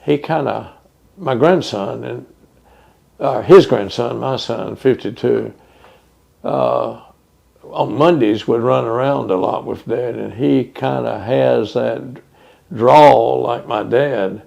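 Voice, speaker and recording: Older man, gravelly low rasp, mid pitch, oral history interviewee. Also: darkish tone, highs cut off. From Texas. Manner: reminiscing, unhurried with many fillers.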